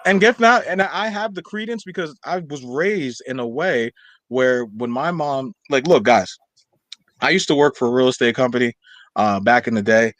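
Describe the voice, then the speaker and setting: A man's voice: medium pitch, normal speed, no room sound. A young man co-hosting a podcast in casual chat, talking animatedly and rambling with lots of fillers. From Nigerian household. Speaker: podcast co-host.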